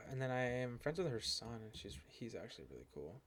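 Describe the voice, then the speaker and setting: A man's voice: medium pitch, sing-song, quick pace, few pauses, a crowd in the background. A young man commenting casually while playing a game, rambling with lots of fillers and swearing. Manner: rambling, profane, many "like" fillers. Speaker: gaming streamer. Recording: music playing behind.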